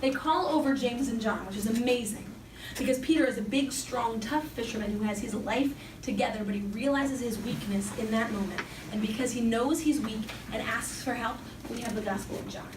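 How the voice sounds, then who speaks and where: High-voiced woman telling a lively story. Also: brisk. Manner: lively storytelling, acting out quotes. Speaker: youth speaker. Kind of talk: animated Bible talk. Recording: echoey hall from far off with background noise.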